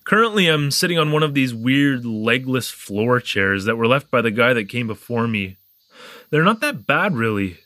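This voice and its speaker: A man's voice: medium pitch, normal speed, no echo. A man playing a chatty young newcomer. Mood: musing. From Canada. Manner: animated, joking, wandering asides. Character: young male newcomer keeping a spoken diary, curious, chatty. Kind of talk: audio drama narration.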